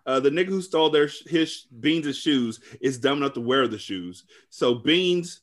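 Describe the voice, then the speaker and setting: A man's voice: mid-range voice, animated, normal speed. Man casually recapping a bad movie. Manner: rambling, profane, joking recap. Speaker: podcast host.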